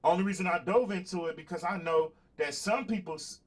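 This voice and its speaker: A man's voice: sits high, a little fast, husky. A man hosting a casual livestream talk show, speaking bluntly and with plenty of profanity, repeating points for emphasis, laughing between them and calling out to viewers. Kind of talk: casual livestream monologue, answering chat.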